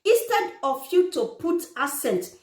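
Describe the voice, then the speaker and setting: A woman's voice: extremely high pitch, very animated, unhurried. A woman giving other parents earnest, repetitive step-by-step advice in direct address. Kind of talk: informal how-to explainer. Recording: echoey room.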